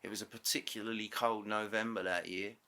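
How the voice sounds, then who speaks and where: Male interview guest, fairly low voice, bright tone, animated storyteller who acts out conversations. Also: a little fast. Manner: animated, re-enacts dialogue with self-corrections. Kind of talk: casual storytelling. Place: podcast studio.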